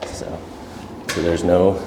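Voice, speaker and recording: A man's voice: deep voice, little pitch movement, takes it slowly. A man hosts a casual epoxy flooring workshop, chatty and self-deprecating. He jokes easily while he works. His voice rings in a roomy, hall-like space with a faint background hum. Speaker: host and epoxy instructor. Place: indoor workshop room. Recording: echoey hall-like room, faint background noise.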